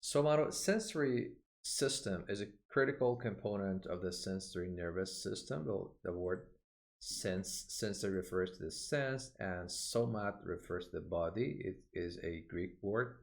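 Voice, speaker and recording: In a recorded online lesson, a man with a deep, creaky voice teaches medical vocabulary, explaining each term and repeating it slowly so listeners can get the pronunciation. He fills his speech with frequent "uh"s.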